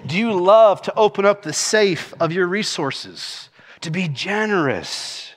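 A man's voice: high-pitched, a little slow, in a large hall. A middle-aged man, a senior pastor preaching a sermon and laughing as he tells stories. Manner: animated storytelling preacher, laughs while telling stories.

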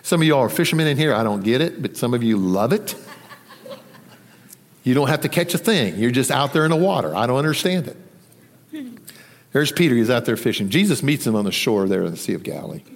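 A man preaching a sermon, conversational and animated, acting out the voices in the story. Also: medium pitch, fairly quick, long pauses, in a large hall. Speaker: pastor.

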